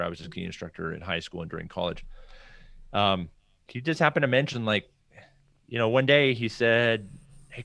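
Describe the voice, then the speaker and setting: A man's voice: sits low, vocal fry, no echo. A man being interviewed on a podcast, casually telling stories from his career and acting out what other people said. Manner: animated storyteller acting out quoted people. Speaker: podcast guest.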